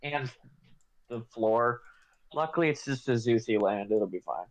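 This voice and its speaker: A woman's voice: a bass voice, animated, measured pace, rough recording. A woman playing in a tabletop game, chatting casually in a rambling way and swearing now and then. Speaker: player. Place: home.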